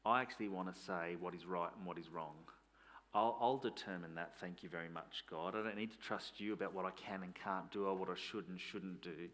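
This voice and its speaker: A man voicing defiant humanity talking back to God in a low, sarcastic, dismissive tone. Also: fairly even intonation, fairly quick, fairly bright tone. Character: defiant humanity brushing off God, smug adult.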